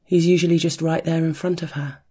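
A narrator reading an erotic story in a soft, hushed way, chanting a steady heartbeat rhythm. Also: medium pitch, brisk, breathy edge.

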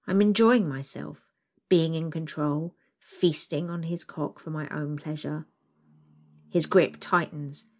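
A young woman narrating an intimate first-person story in a slow, soft, breathy delivery. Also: low-pitched.

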